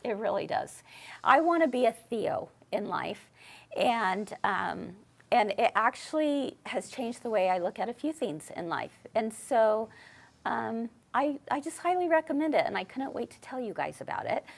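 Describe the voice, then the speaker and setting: A woman's voice: on the high side, very animated, moderate pace, creaky. A woman hosting a live shopping show, gushing with bubbly enthusiasm as she shows off new products. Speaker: host.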